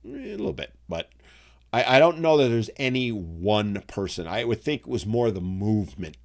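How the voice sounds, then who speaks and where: A middle-aged man with a somewhat low voice talks casually, going off on little side stories as he answers viewer comments on a live show. His talk is loose and conversational, full of asides. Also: sing-song, normal speed, gravelly. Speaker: live show host reading viewer chat. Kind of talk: casual live-stream chat.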